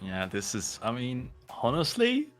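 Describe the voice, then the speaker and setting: A man co-casting a live esports match, laid-back and quick to laugh, thinking aloud with fillers. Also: medium pitch, wildly swooping pitch. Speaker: esports co-caster.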